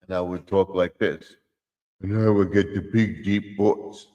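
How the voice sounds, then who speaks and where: A man with a fairly low voice chats loosely on his live stream. He rambles from idea to idea and keeps slipping into silly voices. His words hang in a long reverb. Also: fairly even intonation, measured pace, warm tone. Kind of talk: casual live stream chat.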